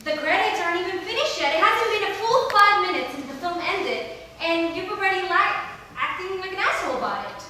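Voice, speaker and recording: A woman's voice: extremely high pitch, expressive, pushed and bright, heavily acted. An actress playing a patient, thoughtful young woman defending a film at a stage reading, recorded from far off in an echoey hall. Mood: calm. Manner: measured, patient, lightly mocking. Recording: echoey hall, mic far off, faint hiss.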